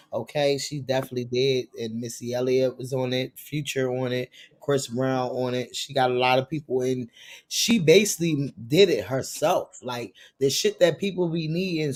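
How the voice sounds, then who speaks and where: Emphatic, profane gossip-show host. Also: male voice, mid-range voice. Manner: emphatic, profane, catchphrase-heavy. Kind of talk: celebrity gossip commentary.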